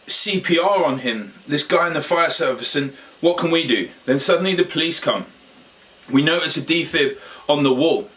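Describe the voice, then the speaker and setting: A man, a health coach, tells a personal story to camera in a halting way, repeating phrases and pausing for drama. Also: on the high side, a bit bright. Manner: halting, repetitive retelling with dramatic pauses. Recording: voice a little distant from the mic.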